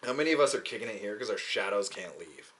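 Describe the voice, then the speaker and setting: Young guy rambling and cursing, jokey, bouncy voice, bright tone. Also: on the low side, expressive, quick pace. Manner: profane, joking, goes into mocking quoted voices. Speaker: podcast host. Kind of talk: casual rambling monologue.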